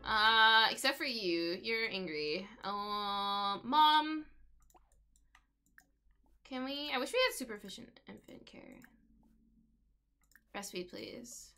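A woman's voice: mid-range voice, slow, long pauses, sharp tone, clean tone, faint music behind. A young woman giving casual, chatty commentary while playing a life-simulation game, often talking to the pets on screen. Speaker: gaming video creator.

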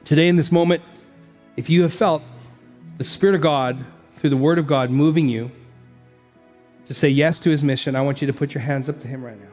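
A man's voice: on the high side, fairly even intonation, fairly quick, long pauses, darkish tone. A man preaching as pastor, emphatic and exhorting, speaking straight to his congregation and leading a closing prayer. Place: church service. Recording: reverberant church hall with faint worship music.

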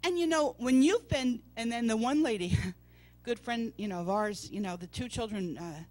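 A woman's voice: a little high, moderate pace, darkish tone, dry recording. A woman preacher telling a personal testimony in a church service, storytelling and acting out the voices of people she quotes. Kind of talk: testimony sermon.

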